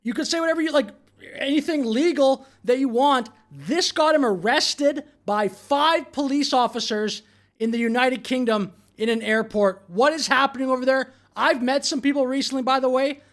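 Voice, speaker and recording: A man's voice: very high voice, moderate pace, a bit bright. A man hosting a political commentary show, talking over clips in a mocking, exasperated way. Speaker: commentary channel host.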